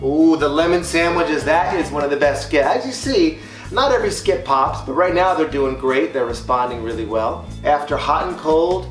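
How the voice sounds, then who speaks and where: A man's voice: on the high side, normal speed. A man hosting a casual reaction video as a hypnotist, upbeat and explaining as he goes, laughing often. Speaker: hypnotist host. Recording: echoey room with music underneath.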